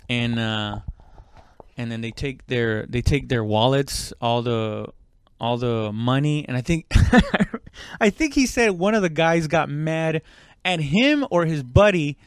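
A fairly high-pitched man with a clean tone spins a casual, rambling story packed with fillers and restarts. He swears liberally and loudly acts out what others said. There's no room sound.

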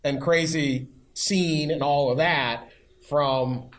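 A man's voice: fairly high pitch, steady tone, takes it slowly. Male columnist guest, laid-back and rambling, self-deprecating. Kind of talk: live podcast chat before an audience.

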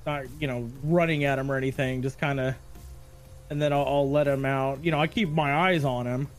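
A man's voice: mid-range voice, steady tone, a little fast, soft background music. Laid-back male tabletop player. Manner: laid-back, hedging with "you know". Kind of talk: casual tabletop play.

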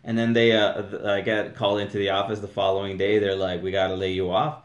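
A young man co-hosting a podcast, telling rambling stories in a mellow, laid-back way and swearing often. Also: lowish voice, level tone, fast talker. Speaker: podcast co-host. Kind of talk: casual podcast chat. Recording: echoey room.

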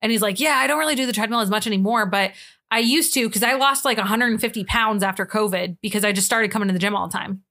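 A woman's voice: medium pitch, quick pace, bright, forceful tone. A young woman co-hosting a podcast, telling a story in casual chat, full of "like" and laughter. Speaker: podcast co-host.

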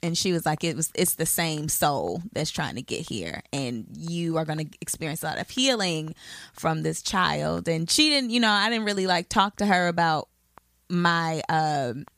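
A woman's voice: deep voice, expressive, moderate pace, a bit bright, no room sound, studio quality. A woman co-hosting a podcast, talking loosely and candidly with lots of fillers and some swearing. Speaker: podcast co-host. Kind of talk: casual chat.

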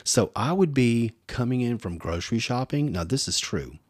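A man, co-hosting a podcast and telling animated stories, acting out voices as he goes. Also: mid-range voice, moderate pace, slightly rough, no room sound, clean studio sound. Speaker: podcast co-host. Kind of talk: casual storytelling chat.

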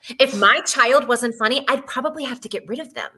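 Bright, chatty woman full of fillers. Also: fairly high pitch, fast talker, breathy edge. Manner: gossipy, filler-heavy rambling. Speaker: podcast guest. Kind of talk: casual chat.

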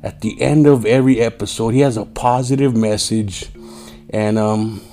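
Man, podcast host, lowish voice, profane slang, tired, faint music underneath. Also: steady tone, moderate pace, mellow. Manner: profane, streetwise, says "yo" often; mimics angry drivers in raised voice. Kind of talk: casual solo podcast rant.

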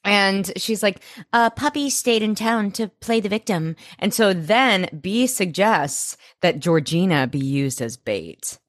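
A woman co-hosting a podcast, recapping a TV episode in casual chat, animated and swearing freely as she acts out lines. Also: medium pitch, slow, hardly any pauses, no room sound, studio quality. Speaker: podcast co-host.

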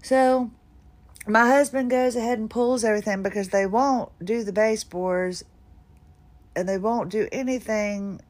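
A woman's voice: on the high side, unhurried, a little mellow. A middle-aged woman talking casually about her day, tired and a bit drowsy, rambling with little self-deprecating laughs. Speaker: podcast host. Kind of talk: casual personal monologue.

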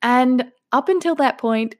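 A woman's voice: high-pitched, a little slow, darkish tone, no echo, studio quality. A woman in her late thirties from Australia with an Australian accent, telling stories in a casual solo podcast and laughing often. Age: 30s. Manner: chatty, laughs often, acts out quoted voices. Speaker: podcast host.

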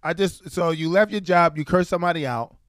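A man's voice: on the high side, fairly quick, a bit bright, no room sound, studio quality. A man hosting a comedy podcast, teasing and profane in casual banter. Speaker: podcast host.

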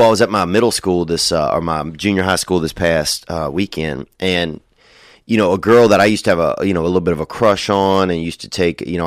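Deep-voiced young dude rambling and cussing, dry up-close sound. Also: male voice, no echo. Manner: profane, loose and digressive, frequent "dude" and "you know". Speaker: comedian. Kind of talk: rambling stand-up style monologue.

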